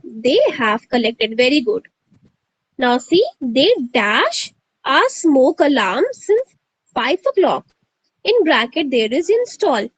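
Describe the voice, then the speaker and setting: A woman's voice: sits high, sing-song, takes it slowly, husky, no room sound, poor audio. A woman with an Indian English accent teaching a live online grammar class, drilling her students with questions and slipping into Hindi to prod them.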